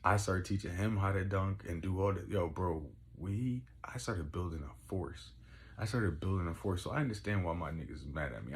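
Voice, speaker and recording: A young man telling rambling, profane stories in casual chat, getting excitable as he goes. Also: low-pitched. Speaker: podcast host. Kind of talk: casual storytelling.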